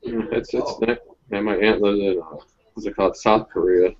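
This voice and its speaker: A man's voice: on the low side, steady tone, normal speed. A man in casual chat, telling rambling, profane stories with frequent restarts. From Southern United States. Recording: dull lo-fi audio.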